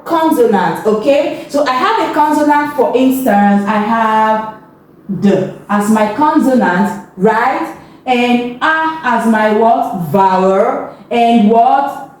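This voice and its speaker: A woman's voice: sits high, darkish tone. A woman with a Nigerian accent teaching phonics, asking leading questions, answering them herself and praising often. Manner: encouraging, frequent praise. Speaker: reading teacher. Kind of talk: instructional video lesson. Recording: echoey room, faint background noise.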